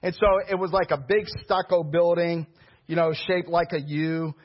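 A man preaching a sermon, telling stories in a lively, conversational way to his congregation. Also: on the high side, normal speed. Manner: storytelling preacher, animated and conversational. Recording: dull lo-fi recording.

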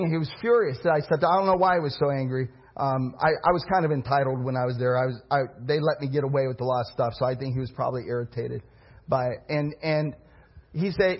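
A man preaching a sermon as pastor, alternating impassioned preaching with quiet personal storytelling. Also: a little high, quick pace, husky, muffled recording.

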